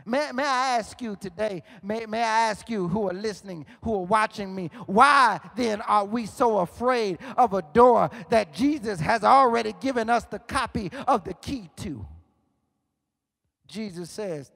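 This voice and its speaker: A man preaching a sermon, his high voice rough with a gravelly edge. He swells from steady speech into shouted, sing-song emphasis. The sound rings with the long reverb of a large hall. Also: a little slow. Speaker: pastor. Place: church sanctuary.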